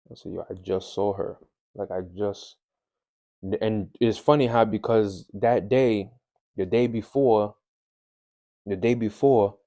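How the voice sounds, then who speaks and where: A man telling a personal story on his podcast, candid and rambling, with lots of fillers and street slang. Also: on the low side. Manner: hushed and subdued later on. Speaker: podcast host.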